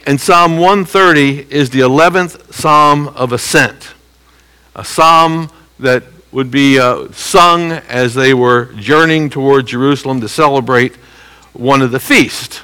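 A man teaching a Bible passage verse by verse in a conversational way, checking in with listeners and slowly repeating key phrases for emphasis. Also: mid-range voice, bright, forceful tone, smooth, rough recording. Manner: conversational teaching with frequent "okay?" check-ins.

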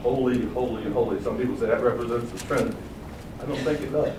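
A man preaching a sermon, asking rhetorical questions and booming out quoted acclamations. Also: steady tone, fast, reverberant, distant mic, background noise.

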